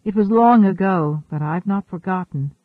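A man reading the lines of a gentle, wise woman space traveler in an audiobook. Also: sits high, moderate pace, no room sound, close to an everyday voice. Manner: gentle, reasoning. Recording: thin phone-like dry audio.

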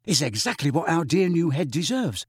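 A man's voice: fairly high pitch, very animated, moderate pace, husky, no room sound, clean studio sound, voice pushed up, full character voice. A man voicing a cocky teenage boy prankster who talks coolly and teasingly. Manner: cool, teasing.

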